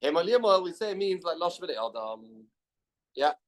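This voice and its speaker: A man's voice: high voice, sing-song, normal speed. A man teaching a Talmud class in a study hall, reading out the text and then explaining it plainly with many questions.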